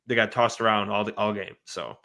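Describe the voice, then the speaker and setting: A man on a fan podcast making his case about the offensive line in animated, argumentative casual talk. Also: on the low side, a little fast, creaky. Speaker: podcast panelist. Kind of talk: casual sports analysis.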